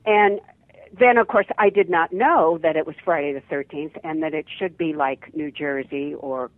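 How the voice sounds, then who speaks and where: A woman's voice: deep voice, normal speed, no room sound. An older woman, an actress, chatting in an interview over the phone and laughing often. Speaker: actress guest. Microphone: telephone. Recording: tinny dry phone line.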